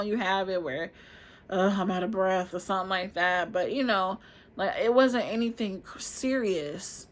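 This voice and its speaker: A woman in her twenties telling a personal story to camera in a chatty, expressive way, often calling out to viewers. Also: mid-range voice. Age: 20s. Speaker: vlogger.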